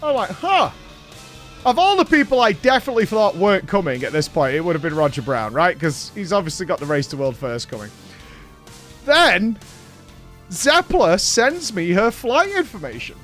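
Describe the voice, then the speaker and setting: Animated man telling a story. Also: sits high, normal speed, faint music behind. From Britain. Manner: animated, swears freely, acts out quoted dialogue. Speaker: show host. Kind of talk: casual storytelling recap.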